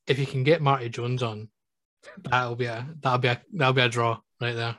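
A man's voice: medium pitch, level tone, normal speed, a bit bright, no echo. Male podcast co-host, rambling storyteller, mid-range voice, dry sound. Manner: rambling storyteller, peppers talk with "right?" and "um". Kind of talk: casual chat.

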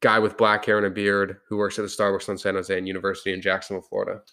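A man's voice: sits low, monotone, racing, pushed and bright. A young man hosting a podcast, telling a heated story in casual chat. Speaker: podcast host. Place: podcast room.

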